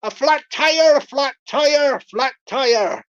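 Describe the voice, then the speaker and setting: A woman's voice: high-pitched, extremely slow, bright, forceful tone, heavily acted. A woman voicing a wheedling male scammer from Bristol who repeats himself and cajoles, breaking into laughs between lines. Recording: lo-fi dull stream audio.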